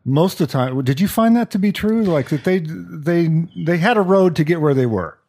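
A man with a lively, up-and-down pitch and a mellow, dark tone, co-hosting a relaxed chat. He asks thoughtful questions with halting pauses. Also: breathy edge. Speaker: co-host, former radio man. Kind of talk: casual interview chat.

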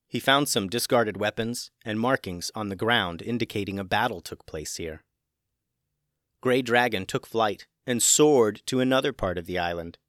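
A man hosting a children's podcast and narrating a storybook in a gentle, measured way. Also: on the low side, no room sound, studio quality.

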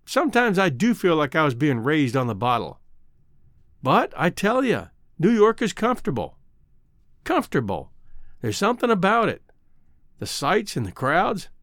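A man's voice: fairly high pitch, a bit bright, dry recording, studio quality. A man reading the part of a former cowboy, now a comfortable city man, talking in an easygoing, apologetic drawl.

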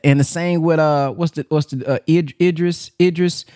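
A man hosting a call-in program, talking in an animated, enthusiastic, casual way with slang. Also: a little high, a little fast, no room sound, studio quality. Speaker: host.

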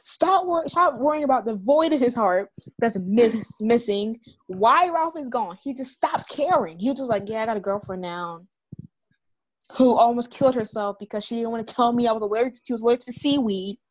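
A woman co-hosting a podcast, chatting casually and ranting in an animated way, with lots of swearing and acted-out quotes. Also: a little high, fairly quick, few pauses. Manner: animated ranting with heavy cursing. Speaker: podcast co-host. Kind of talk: casual chat.

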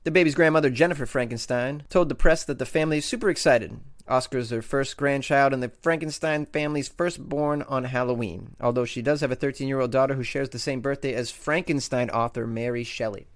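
A man's voice: mid-range voice, a little fast, hardly any pauses. A man hosting a comedic talk radio show, riffing sarcastically on odd news stories and reading them out with mock disbelief. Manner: sarcastic, joking, mock-incredulous.

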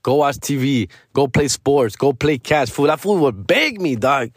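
A man's voice: medium pitch, animated, measured pace, few pauses, slightly rough, no room sound, studio quality. Profane man ranting. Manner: profane, rambling, mixes in Spanish slang. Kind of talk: casual ranting monologue.

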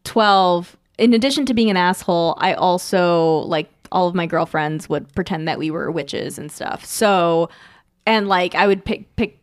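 A woman's voice: lowish voice, measured pace, no echo, clean studio sound. A woman in casual chat as a podcast co-host, rambling with many restarts and frequent laughs.

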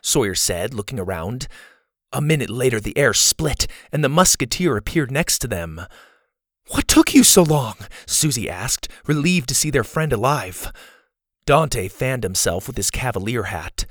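A man reading a scripted children's adventure story as the show's storyteller, in an even, measured way. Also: medium pitch, dry recording, studio quality.

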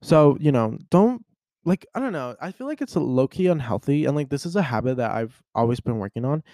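Young male podcast host, casual storyteller, mid-pitched, dry close sound. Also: fast talker, no room sound. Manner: animated storyteller, acts out voices. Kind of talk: casual chat.

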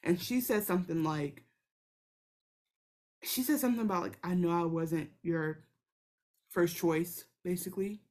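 A woman co-hosting a podcast, chatting casually about a TV episode and acting out characters' lines in quick asides. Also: lowish voice. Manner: animated, acts out characters in quoted asides. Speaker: podcast co-host. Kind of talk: casual TV recap chat.

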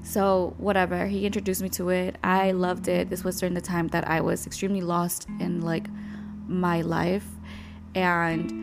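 A woman's voice: fairly low pitch, vocal fry. Blunt, profane young woman over guitar music. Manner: blunt, slangy, profane storytelling. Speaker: podcast host. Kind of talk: casual solo podcast monologue. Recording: guitar music playing under the voice.

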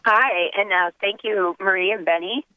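A woman's voice: medium pitch, moderate pace. A woman calling in to a show by phone, hesitant and stammering, with nervous laughs. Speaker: caller. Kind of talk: casual chat. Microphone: telephone. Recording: tinny phone line.

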